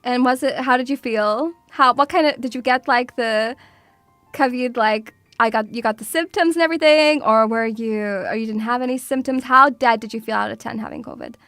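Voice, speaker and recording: A woman's voice: on the high side, fairly quick, fairly bright tone, no room sound, faint music behind. A woman streamer chatting casually and playfully with her viewers. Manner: playful, bubbly, teasing. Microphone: studio mic through audio mixer.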